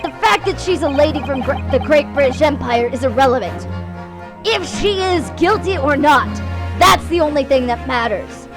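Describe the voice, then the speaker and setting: A blunt young male defense lawyer, played by a woman. His accusing lines swing high and lively. Game music plays underneath. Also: normal speed. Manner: blunt, accusing, rough-edged.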